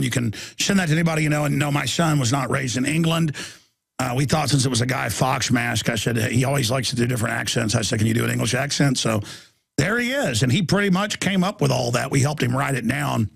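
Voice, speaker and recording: A middle-aged man hosting a radio show, rambling through shout-outs to his team and repeating words for emphasis. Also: mid-range voice, fast talker, creaky, breathy edge, no echo, studio quality. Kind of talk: enthusiastic on-air shout-outs.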